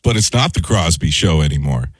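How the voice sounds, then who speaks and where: Lower husky guy breaking down the team, earnest and upbeat, dry studio sound. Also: animated, brisk, no room sound, poor audio. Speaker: sports talk show regular, team fan. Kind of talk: casual sports radio analysis.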